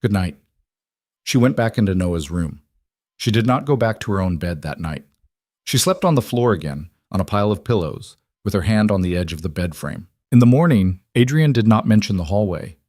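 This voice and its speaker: Male narrator for a dramatic story, low pitch, measured, dry. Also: animated, a little mellow, no room sound.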